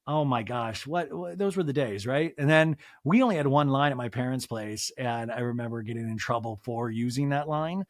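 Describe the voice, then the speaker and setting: A man hosting a podcast, chatting casually and excitably, laughing often and slipping into exaggerated voices for quotes. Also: medium pitch, moderate pace, hardly any pauses, no echo, studio quality. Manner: jumps into exaggerated voices when quoting people. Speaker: podcast host. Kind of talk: casual chat recapping a TV episode.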